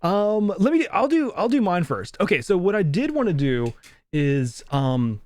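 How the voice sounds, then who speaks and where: Chatty young man with a higher voice. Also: sing-song, normal speed, darkish tone, dry recording. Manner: rambling, laughs often, swears casually. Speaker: podcast co-host. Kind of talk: casual movie review chat.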